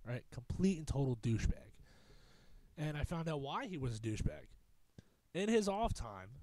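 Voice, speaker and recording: A man's voice: on the high side, mellow, dry recording. A young man hosting a podcast, telling a long rambling story in a casual, profane, self-mocking way. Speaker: podcast host.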